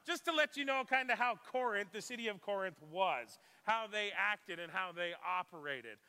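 Pastor guy giving a casual sermon, high bright voice, long hall echo. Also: lively intonation, moderate pace, smooth. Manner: conversational, asks the congregation questions. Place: church sanctuary.

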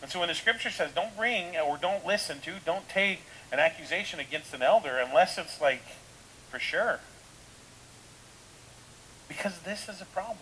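A male pastor delivering a sermon in a loose, conversational way, firing off rhetorical questions and restarting his sentences. His voice sits a little high for a man. A faint hiss runs under the recording. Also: expressive, moderate pace, pauses often, bright, forceful tone, rough recording.

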